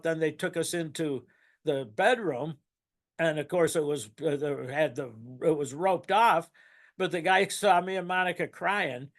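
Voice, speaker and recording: An older man giving a rambling, emotional personal testimony at a recovery meeting, laughing and choking up as he goes. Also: on the high side. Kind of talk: personal testimony, casual storytelling.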